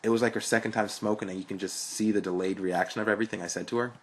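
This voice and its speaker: A man's voice: lowish voice, fairly even intonation, rapid-fire. A young man reading a story aloud in a frank, blunt, profane way. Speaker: narrator.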